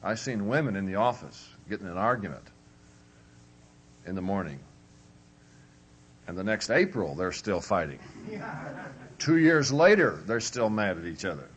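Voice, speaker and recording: A man's voice: deep voice, animated, normal speed, pauses often, a bit bright, slight background noise. A man giving a humorous, conversational marriage workshop as a preacher, acting out husband and wife as he talks. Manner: humorous, conversational, acts out both spouses. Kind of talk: folksy workshop lecture.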